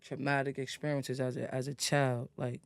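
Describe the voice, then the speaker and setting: A podcast host asking questions in relaxed slang and giving short encouraging replies. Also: medium pitch, moderate pace, creaky, clear, resonant tone, no echo. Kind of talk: casual interview.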